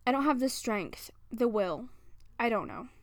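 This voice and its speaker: Weary, withdrawn male scientist, read by a woman; soft, halting mumble. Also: fairly high pitch, animated, dry recording, clean studio sound. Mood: quiet, weary.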